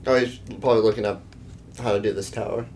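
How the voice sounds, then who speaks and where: A man's voice: fairly low pitch, fairly even intonation, fast, a little mellow, slight background noise. A man in a casual gaming chat, laid-back and teasing, joining his friend's banter as a fellow creator.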